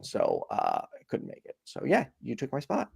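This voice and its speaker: Woman, co-host, very low voice, lively pitch, halting casual chat. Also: creaky, slightly rough, no room sound, clean studio sound. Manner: halting, hesitant, fillers and restarts. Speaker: co-host of a call-in dating show.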